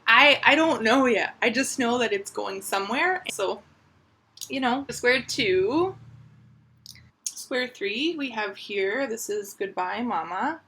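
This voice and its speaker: A woman's voice: fairly high pitch, lively intonation, slow, pushed and bright, breathy edge. A woman showing her crochet squares in a casual, upbeat, chatty vlog, full of fillers. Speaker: crochet vlogger. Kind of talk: casual show-and-tell.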